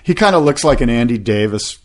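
A man's voice: mid-range voice, expressive, a little fast. Male co-host, mid-range voice, rambling casual storyteller. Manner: laid-back, rambling storyteller with many "like" fillers. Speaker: podcast co-host. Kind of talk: casual surf chat.

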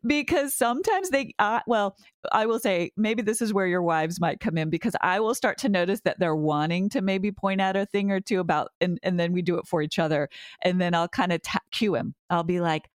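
A middle-aged woman therapist talks in a thoughtful conversational way, often restarting her sentences. Her voice sits a little low. The recording is dry and close, with no room sound. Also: a little fast, dry recording. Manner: thoughtful, frequent restarts and fillers. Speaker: therapist guest. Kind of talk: conversational podcast interview.

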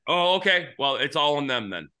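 A man's voice: fairly high pitch, big pitch swings, fairly quick, a crowd in the background. A middle-aged man hosting a baseball talk show, rambling through stories with many restarts. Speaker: podcast host, former pitcher. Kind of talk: casual sports talk.

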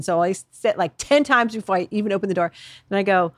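Middle-aged woman chatting, mid pitch, agreeable, laughs a lot. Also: quick pace, dry recording, clean studio sound. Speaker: podcast guest. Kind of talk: casual chat.

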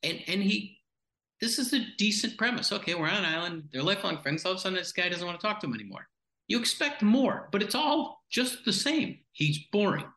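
Man, film podcast co-host, blunt, exasperated, sarcastic, bright forceful voice, roomy echo. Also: high voice, big pitch swings, brisk. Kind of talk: casual film discussion.

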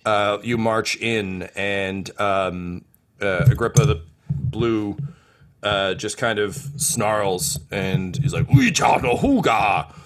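A man's voice: lowish voice, steady tone, slow, fairly bright tone. A man narrating as game master of a tabletop role-playing game, rambling with many fillers.

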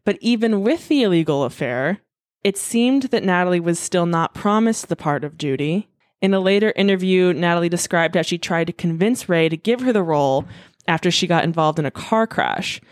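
A woman's voice: lowish voice, lively intonation, moderate pace, no room sound, studio quality. A woman hosting a podcast, telling a story in a chatty way, full of fillers and swearing freely. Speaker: podcast host. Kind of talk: casual storytelling.

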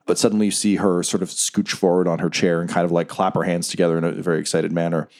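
Low-voiced man narrating as game master. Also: little pitch movement, quick pace, a little mellow. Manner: casual descriptive narration.

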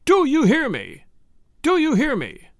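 A man's voice: high-pitched, huge pitch swings, moderate pace, creaky, a bit bright, no room sound, studio quality, exaggerated voice. A man reading aloud, voicing a furious, jealous husband who demands answers.

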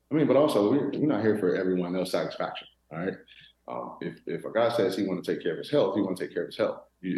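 A man in his thirties, a former football player from Florida, telling stories in a relaxed interview with many restarts. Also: deep voice, echoey room, rough recording. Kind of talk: casual interview talk.

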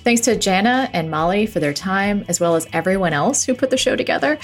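A woman's voice: mid-range voice, expressive, a little fast. Upbeat woman podcast host, faint music. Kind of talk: podcast interview and outro.

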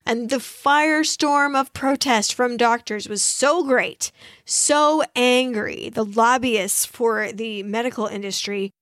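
A woman co-hosting a casual history podcast, telling the story with expressive asides. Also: a little high, dry recording, clean studio sound. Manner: expressive storyteller, reads quotes aloud. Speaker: podcast co-host.

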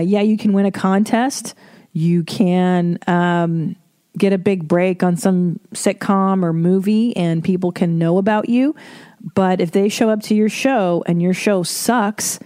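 A woman talking on her own podcast in a low, mellow voice, loose and unscripted. She is candid and wry, swears freely and laughs at her own asides. The sound is close and dry, with no room around it. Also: no echo. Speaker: podcast host. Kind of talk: casual solo monologue.

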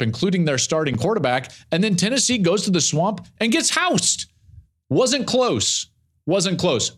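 On his sports opinion show, a middle-aged host analyzes college football energetically, hammering points home by repeating phrases. He speaks with a voice on the high side.

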